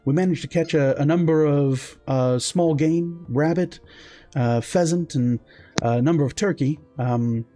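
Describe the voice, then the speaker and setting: Man voicing a polite, rambling, weathered hunter with a mellow tone over low music. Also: close to an everyday voice. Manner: courteous, rambling, halting speech.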